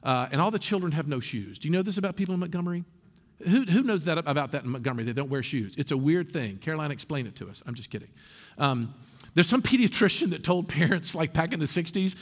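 A male pastor, preaching a sermon in a church with lively storytelling, humorous asides and frequent restarts. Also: a little high, fast talker, in a large hall. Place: church sanctuary.

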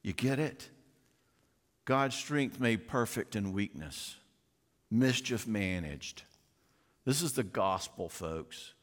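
Middle-aged man, folksy conference speaker, lively pitch, reverberant hall. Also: takes it slowly, long pauses. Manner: animated and folksy, acts out quoted voices. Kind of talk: conference talk. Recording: long reverb of a large hall.

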